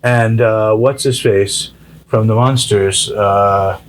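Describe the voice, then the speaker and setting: A man's voice: fairly low pitch, fairly even intonation, takes it slowly. Male host, casual storyteller, jokey and profane, tattoo-shop chat. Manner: joking, loose storytelling with profanity. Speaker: podcast host and tattoo artist.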